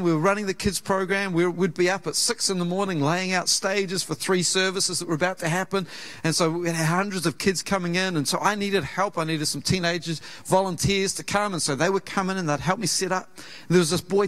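A man with a New Zealand accent preaching a sermon in a church, telling a personal story with earnest, conversational warmth and acting out the voices in it. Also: sits high, steady tone, brisk. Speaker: pastor. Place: church auditorium.

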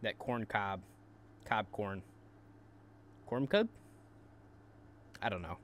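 A man's voice: lowish voice, slow, a bit bright, a little hiss or hum. Crude, taunting male commentary host. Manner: taunting, crude, repeats words in bursts. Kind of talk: mocking commentary.

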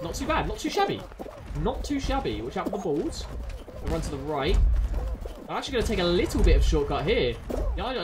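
Woman, gameplay commentary, wildly swooping pitch, yells at opponents, noisy recording. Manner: excitable, yelling at other players. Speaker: gaming channel host.

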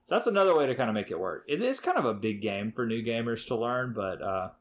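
A man's voice: mid-range voice, sing-song, fast, hardly any pauses, slight background noise. A man hosting a casual board game podcast, talking enthusiastically and rambling with many fillers. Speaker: podcast host.

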